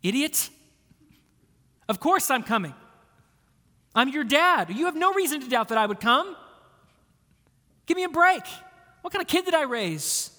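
A man voicing a harsh, impatient father who mocks his son, loud and raised in pitch, with a long hall echo. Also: sing-song, measured pace, long pauses, heavily acted. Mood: mocking. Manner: loud, mocking.

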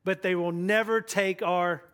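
A preacher quoting a rousing rebel commander. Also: male voice, high-pitched, fairly even intonation, measured pace, fairly bright tone. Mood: defiant. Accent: none, plain delivery with no put-on accent. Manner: rousing, defiant battle speech. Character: medieval rebel commander rallying his army.

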